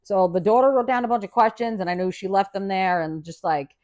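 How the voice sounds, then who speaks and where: A woman's voice: mid-range voice, fairly quick. A woman hosting a podcast, telling a story in a casual, profane way and acting out the people in it. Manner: animated, profane, acts out quoted dialogue. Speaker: podcast host.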